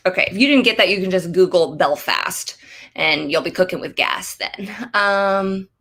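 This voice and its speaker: Woman comic in her thirties, bright edgy voice, ranting stand-up with squeaky spikes, computer mic at home. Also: moderate pace. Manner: animated, ranting, jumps into high-pitched outbursts. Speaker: stand-up comedian. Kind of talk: stand-up comedy set over video call. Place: home office.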